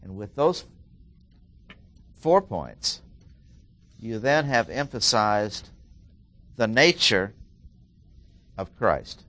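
Slow, deliberate male Bible teacher. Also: on the low side, very animated, fairly bright tone. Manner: deliberate, repeats key phrases with emphasis. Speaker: preacher.

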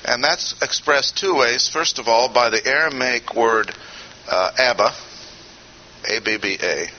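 A man teaching a Bible study in a deliberate, emphatic way with frequent pauses, on a dull lo-fi recording with faint hiss. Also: medium pitch. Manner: deliberate, emphatic, pausing often. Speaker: preacher.

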